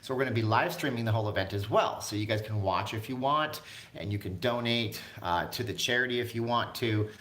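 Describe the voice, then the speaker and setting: A man hosts a casual live stream from his home, chatting easily and reading out viewers' comments. His voice sits fairly low, and the room gives it a noticeable echo. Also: a little fast, fairly bright tone. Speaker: vlog host. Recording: echoey room.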